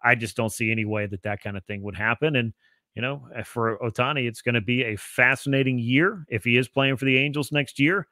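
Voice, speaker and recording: On a relaxed sports podcast, a guest analyst explains things at length and fluently, speaking briskly. He's a man with an average-pitched but bright, forceful voice. The audio is dry and free of room sound.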